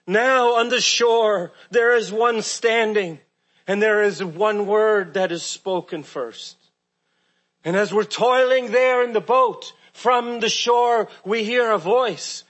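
A man preaching a sermon, earnest and asking rhetorical questions, often dropping soft and low at key words.

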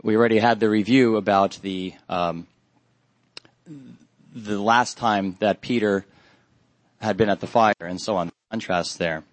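A man preaching a Bible study sermon in a measured, earnest way, pausing often with fillers. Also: lowish voice, fairly even intonation, no room sound.

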